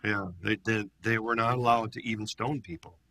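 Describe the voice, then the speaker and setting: A male pastor teaching a Bible study in an animated, conversational way, acting out the quotes he reads. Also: on the low side, brisk.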